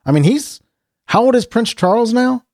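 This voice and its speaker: An extremely high-pitched yet darkish voice with lively intonation belongs to a middle-aged American man hosting a casual podcast at a moderate pace. The studio-quality audio has no echo, and he rambles, interrupts himself, restarts, and chuckles now and then.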